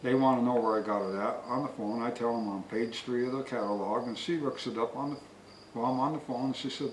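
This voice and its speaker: A man's voice: medium pitch, a little fast, slight background noise. A man telling a rambling, folksy story before reviewing a product he bought, recorded outdoors with crickets faint behind him. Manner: folksy, long-winded. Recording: echoey, distant from the mic. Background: faint crickets and insects.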